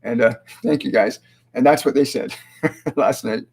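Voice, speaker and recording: A man hosting a live-stream spiritual Q&A as a medium, speaking slowly and in a measured way, often halting with fillers and restarts. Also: medium pitch, darkish tone. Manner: slow, measured delivery when relaying messages.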